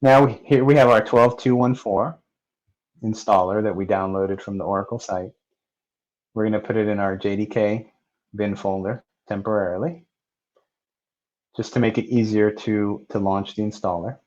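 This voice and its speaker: Low-voiced man narrating a dull lo-fi screencast. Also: fairly even intonation, normal speed, long pauses, a little mellow. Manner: plain, step-by-step narration with fillers. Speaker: software tutorial presenter. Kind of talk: screen-recorded technical walkthrough.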